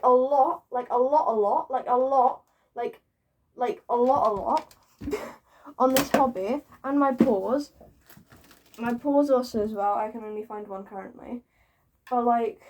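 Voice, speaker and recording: A woman's voice: on the high side, fairly even intonation, a little slow, a little mellow. A woman vlogger ranting casually to camera, swearing freely, giggling and mocking herself, repeating words for emphasis.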